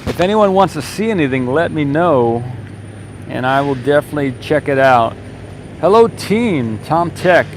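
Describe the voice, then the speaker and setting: A man's voice: fairly high pitch, lively intonation, normal speed, slight background noise. A man live streaming outdoors at a launch site gate, reading viewer comments aloud and answering them. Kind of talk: casual live-stream chat. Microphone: handheld mic.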